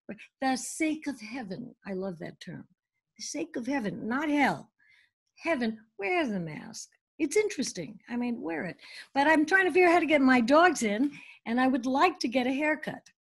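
An older woman talks as an interview guest with a high, bright-pitched voice. She is theatrical and lively, jumping from one thought to the next. She is speaking over a video call. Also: normal speed, slightly rough. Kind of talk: casual interview chat.

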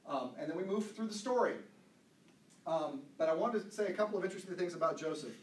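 A man's voice: high-pitched, quick pace, far from the mic, a little hiss or hum. A man teaching a Bible study, chatty and loose with many asides, reading passages aloud. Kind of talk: casual teaching talk, reading scripture aloud. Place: church room. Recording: roomy echo, voice off-mic, faint ambience.

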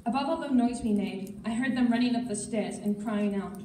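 A woman reads a novel aloud at a school assembly with steady storytelling. Her voice is fairly high and mellow. It sounds distant and roomy, with faint background noise. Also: a little fast. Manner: steady storytelling with occasional slips. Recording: echoey hall, mic far off.

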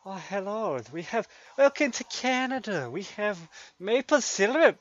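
A man's voice: high voice, lively intonation, measured pace, muffled recording, pitched above the performer's own voice. A man voicing an overdone, cheery Canadian host, with the accent drifting as he goes. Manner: loud, exaggerated and wobbly accent.

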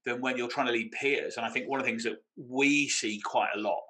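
A man's voice: mid-range voice, fairly even intonation, brisk, pushed and bright, poor audio. A middle-aged British man co-hosting a podcast, telling stories with laughter and imitations. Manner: storytelling with laughs and mimicry. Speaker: podcast co-host. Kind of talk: casual anecdotal chat.

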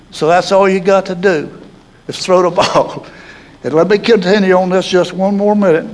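A man's voice: high voice, rough recording. An older man with a Southern American accent tells stories in an interview, folksy and chuckling. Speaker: hall of fame inductee. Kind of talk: storytelling interview.

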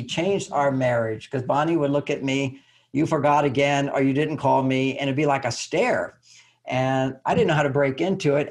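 An older man speaks as a relationship author in a conversational interview. His voice sits a touch high and carries a gravelly, creaky texture. He brightens as he mimics partners in short acted quotes and laughs easily. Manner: animated, acts out little dialogues in higher voices, chuckles often.

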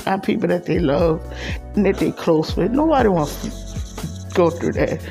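A middle-aged woman, crying as she talks haltingly in a personal vlog. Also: on the low side, animated, warm tone, faint music behind. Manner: tearful, halting, repeats herself. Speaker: vlogger.

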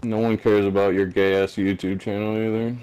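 Low, flat-voiced raging gamer. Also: male voice, moderate pace, smooth, poor audio. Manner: angry, insulting rant. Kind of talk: game voice chat.

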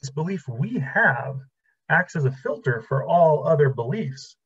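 A man's voice: a little high, big pitch swings, unhurried, fairly bright tone, slightly rough, dull audio. A man teaching a relationship class in a casual, conversational lecture, telling stories and acting out dialogue. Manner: conversational, acts out quoted dialogue. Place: library classroom.

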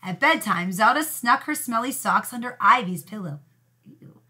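Lively woman teacher reading aloud. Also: mid-range voice, moderate pace. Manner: expressive, lively storytelling. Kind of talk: reading a storybook aloud to young pupils.

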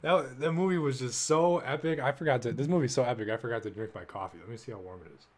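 A young man hosting a casual solo podcast, excitable and full of swearing, jumping between loud bursts and low mumbles. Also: fast. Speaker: podcast host.

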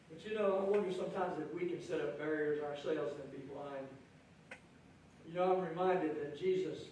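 High-voiced preacher in an echoey hall. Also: male voice, a little hiss or hum. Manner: animated preaching, acting out the crowd in raised voice. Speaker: pastor. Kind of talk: sermon. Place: church sanctuary. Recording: echoey church hall from far off.

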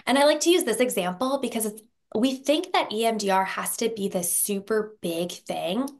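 A woman therapist talking through a case on a podcast. She explains with vivid examples and briefly acts out the people in them. She keeps checking in with "right?" as she goes. Her voice sits at a middle pitch. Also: moderate pace. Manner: animated storyteller, acts out quoted voices with frequent "right?". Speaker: therapist guest.

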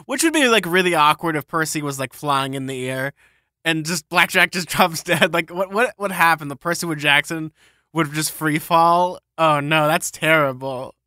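Bright-voiced rambling man co-host. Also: on the high side, moderate pace, dry recording, studio quality. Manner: rambling, enthusiastic, full of fillers and pop-culture comparisons. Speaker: podcast co-host. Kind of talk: casual book-discussion chat.

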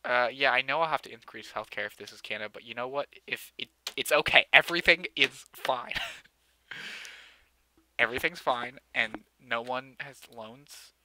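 A man's voice: mid-range voice, moderate pace, pushed and bright, a little hiss or hum. A young man giving casual let's-play commentary as he builds a city in a game, joking sarcastically and mocking himself. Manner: joking, sarcastic, self-mocking, often laughing.

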